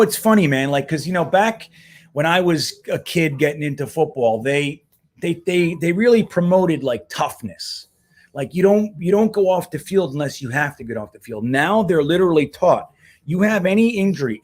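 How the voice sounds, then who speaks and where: A man hosting a casual livestream, talking loosely and rambling, swearing now and then. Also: on the high side. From United States. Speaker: host.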